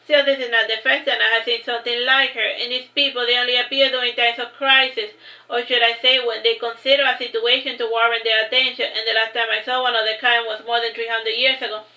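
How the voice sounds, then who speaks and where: A woman voicing an ancient male sage in a storybook reading, measured and explanatory in manner. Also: fairly high pitch, little pitch movement, bright, forceful tone. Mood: grave. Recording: roomy echo.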